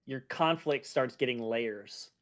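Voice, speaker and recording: A man in casual conversation on a live stream, thinking out loud as he talks. He rambles and restarts himself often, and his pitch sits in the middle of the usual range for a man. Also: takes it slowly, heavy background noise. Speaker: streamer co-host. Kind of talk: casual chat.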